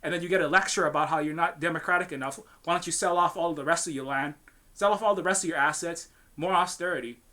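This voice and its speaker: A man's voice: on the high side, quick pace, sharp tone. A man from Hawaii speaking on a panel as a game studio founder, heated and ranting, swearing and restarting his sentences often. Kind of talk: impassioned panel discussion.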